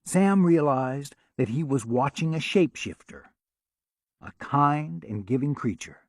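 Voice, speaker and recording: Man, audiobook narrator, wry, measured, slow, lively pitch, dry close recording. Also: no room sound. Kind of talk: scripted narration.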